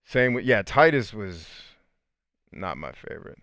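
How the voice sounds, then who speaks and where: A man hosting a casual livestream, chatting with viewers in an animated, joking way and swearing freely. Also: on the low side, unhurried, dry recording, studio quality. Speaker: podcast host answering live chat.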